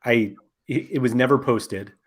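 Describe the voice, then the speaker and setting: A man hosting a podcast in an easygoing, unscripted chat, his voice sitting at a middle pitch. He rambles and keeps correcting himself as he goes. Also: moderate pace, slightly rough. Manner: rambling, self-correcting, frequent fillers. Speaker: podcast host.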